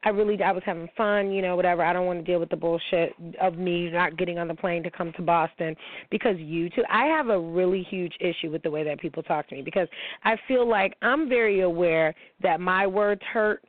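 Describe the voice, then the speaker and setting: A woman's voice: lowish voice, brisk, no echo. Frank profane woman on a tinny line. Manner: frank and profane, many fillers. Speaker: host of a personal talk show. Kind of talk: candid storytelling monologue. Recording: tinny phone-like sound, dry.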